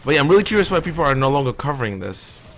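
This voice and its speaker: A man's voice: medium pitch, sing-song, racing, slight background noise. A man streaming a shooter game live, rambling and opinionated as he plays. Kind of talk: casual live gameplay commentary.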